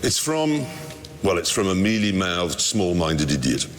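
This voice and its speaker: A man's voice: low voice, sing-song, unhurried, background noise. A man presenting a motoring TV show in a sardonic, theatrical way with mock outrage. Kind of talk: scripted TV presenting.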